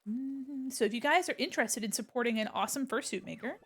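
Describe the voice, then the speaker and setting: A woman's voice: fairly high pitch, fast, a bit bright, breathy edge, soft background music. Giggly woman streamer chatting while drawing. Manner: giggly, chatty, swears casually. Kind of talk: casual livestream chat while drawing.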